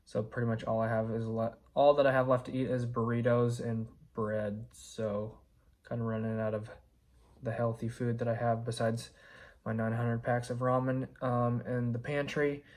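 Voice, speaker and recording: A man with a hoarse, sick-sounding voice, casually updating his viewers in a rambling way with lots of fillers. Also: mid-range voice, moderate pace. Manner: relaxed, rambling with many fillers. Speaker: vlogger, electrician.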